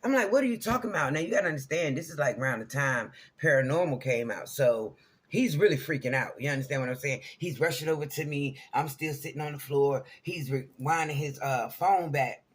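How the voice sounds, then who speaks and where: Husky man telling a personal story. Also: medium pitch, a little fast. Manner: rambling, conversational, checks in with listeners often. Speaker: vlogger. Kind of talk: casual storytelling to camera.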